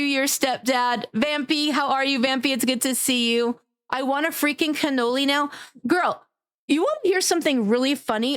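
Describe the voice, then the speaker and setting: Chatty, swearing woman game streamer. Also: high voice. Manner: chatty, animated, swears and laughs often while greeting and thanking viewers. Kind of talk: casual live-stream chat.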